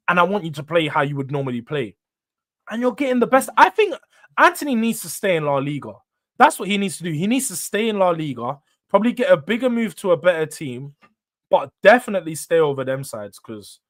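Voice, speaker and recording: A young man commentating casually on a live match, his voice pitched high and lively. He swings between excited outbursts and tired, low mumbles, and the sound is close and dry with no room around it. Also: no echo. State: tired, yawning. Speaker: host of a football watchalong.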